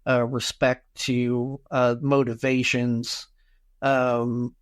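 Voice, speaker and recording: Very slow and smooth, this American co-host's medium-pitched voice stays level as he thinks out loud on the podcast. He keeps tagging his musings with a rhetorical "right?" throughout the casual discussion.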